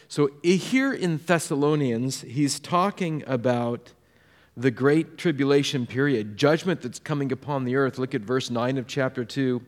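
A man from Southern California preaching a sermon, telling personal stories and often dropping to a soft hush to drive a point home. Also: mid-range voice, normal speed. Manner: storytelling, drops to a soft hush for emphasis. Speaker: pastor. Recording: echoey hall reverb.

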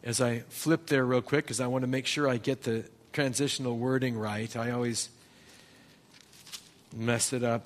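A man's voice: medium pitch, fairly even intonation, moderate pace. A man preaching a sermon as a pastor, telling personal stories and asking the congregation questions.

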